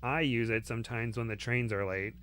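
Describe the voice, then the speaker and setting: A man's voice: mid-range voice, steady tone, fairly quick, a bit bright, slight background noise, close to an everyday voice. A man voicing Carl, a grown male wizard with a Brooklyn accent who talks dry and offhand. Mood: explaining. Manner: dry, offhand and matter-of-fact.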